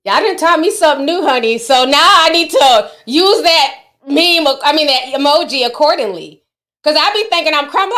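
Chatty bright-voiced woman livestreamer. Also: high-pitched, animated, a little fast. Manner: chatty, laughs often, talks to the chat. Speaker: livestream host. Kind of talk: casual livestream chat.

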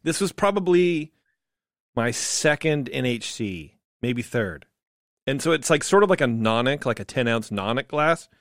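A man's voice: mid-range voice, a bit bright, no room sound, clean studio sound. A man co-hosting a casual beer-tasting podcast, rambling and joking, often breaking off mid-thought. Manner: rambling, self-interrupting, joking. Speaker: podcast co-host.

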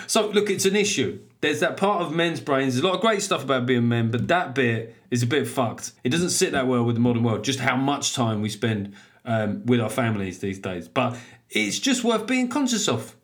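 A man's voice: medium pitch, expressive, moderate pace. A man hosting a comedy podcast alone, rambling, swearing and mocking himself. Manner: rambling, sweary, self-deprecating. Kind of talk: solo comedic podcast monologue.

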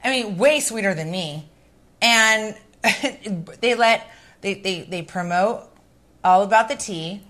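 A woman's voice: medium pitch, slow, a bit bright. A woman co-hosting a podcast, talking in a chatty, emphatic, gossipy way. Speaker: co-host. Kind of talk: casual podcast chat.

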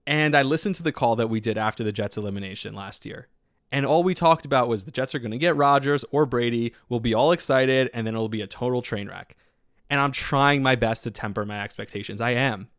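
A man hosting a solo sports podcast, talking in an excitable, rambling way with lots of filler words. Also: medium pitch, dry recording, studio quality. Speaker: podcast host.

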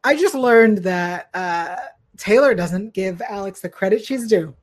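Relaxed woman hosting a podcast. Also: medium pitch, unhurried. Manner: relaxed, lots of ums, laughs between lines. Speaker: podcast host. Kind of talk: casual chat.

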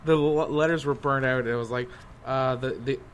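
A man co-hosting a casual movie podcast, jokey and halting, with many restarts. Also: mid-range voice, steady tone, a little hiss or hum. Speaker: podcast co-host.

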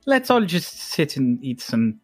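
A man's voice: on the high side, very animated, unhurried, no echo. A man with a slightly raised voice leads a tabletop game in a loose, joking way, laughing between lines and swearing freely. The sound is dry and close, with faint music underneath. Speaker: game master.

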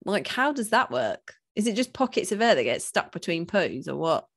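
A woman's voice: lowish voice, big pitch swings, normal speed, slightly rough. A woman co-hosting a podcast, chatting playfully and laughing often. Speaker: podcast co-host. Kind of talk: casual podcast chat.

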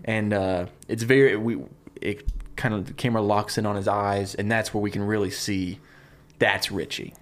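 A man co-hosting a podcast, casually pitching a movie idea, rambling with many fillers and laughing easily. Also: fairly even intonation, moderate pace. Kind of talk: casual chat.

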